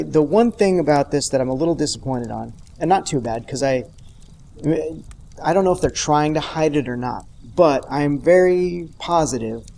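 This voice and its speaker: A man's voice: medium pitch, a little mellow. A man hosting an unscripted TV episode review, talking in a conversational, rambling way with wry asides. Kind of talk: unscripted casual review monologue.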